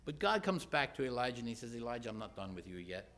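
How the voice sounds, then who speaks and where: A man preaching a sermon in church, earnest, moving between loud questions and hushed retelling. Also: medium pitch, big pitch swings, fast talker, few pauses.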